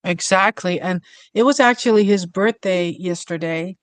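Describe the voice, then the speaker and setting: A woman guest on a podcast, softly and reflectively telling a personal story with many pauses. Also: fairly low pitch, dry recording.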